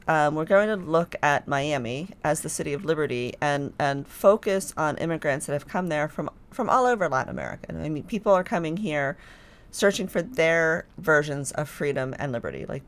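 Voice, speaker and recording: A woman's voice: low-pitched, clean tone. Chatty enthusiastic woman on a podcast. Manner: chatty, enthusiastic, lots of fillers. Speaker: podcast guest, filmmaker staff. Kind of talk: casual chat.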